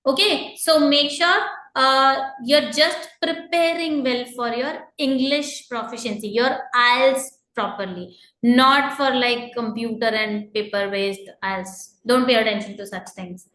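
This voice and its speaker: A woman with a high, bright voice teaches an exam-prep lesson in an echoey room. She explains patiently, fills pauses with "uh" and "you know", and keeps repeating her main points. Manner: patient and explanatory, many fillers and repeated reminders. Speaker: IELTS teacher. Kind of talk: online lesson, explaining to students.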